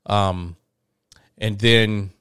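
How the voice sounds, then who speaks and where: A man's voice: fairly low pitch, fairly even intonation, very slow, fairly bright tone, clean tone, no echo, studio quality. A man telling travel stories in a casual podcast chat, rambling with lots of restarts and fillers. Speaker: podcast host, touring musician.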